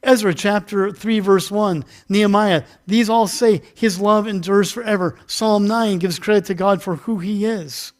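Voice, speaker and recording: This pastor's voice is fairly high and steady, a little slow with few pauses. In the church sanctuary he keeps his sermon casual and conversational, teasing himself over his mix-ups and staging the story with volunteers from the congregation.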